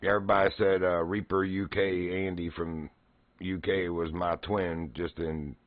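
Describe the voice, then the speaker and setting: A man's voice: low-pitched, level tone, a little slow, no echo, narrow, tinny audio. A man streaming, casually telling old gaming stories and laughing often. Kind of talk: casual storytelling.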